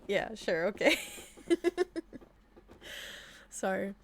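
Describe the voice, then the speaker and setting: A young woman reading a romantic visual novel aloud, often giggling and apologizing between softly read passages. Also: medium pitch, fairly even intonation, takes it slowly, vocal fry, long pauses. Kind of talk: reading game text aloud with chatty asides.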